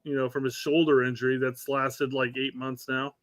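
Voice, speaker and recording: A man's voice: mid-range voice, little pitch movement, moderate pace, no room sound. A man co-hosting a casual soccer podcast, dry and laid-back in manner. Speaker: podcast co-host.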